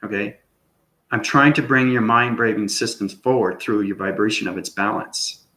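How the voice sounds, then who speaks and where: A man's voice: lowish voice, fairly even intonation, moderate pace, pushed and bright. Rambling man in an echoey room. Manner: rambling, repeats "okay?" often. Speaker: channel host. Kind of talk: unscripted spiritual monologue.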